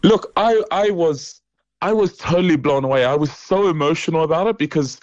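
A man's voice: fairly high pitch, brisk, a little mellow, no echo, dull audio. A man, an opera singer guest chatting in an interview over a remote line, laughing often and restarting sentences. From New Zealand. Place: hotel or home in Europe, remote.

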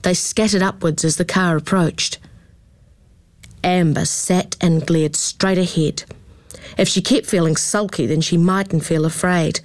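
A woman reading a children's story aloud in a calm, expressive way. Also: fairly low pitch, measured pace, no echo. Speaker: narrator.

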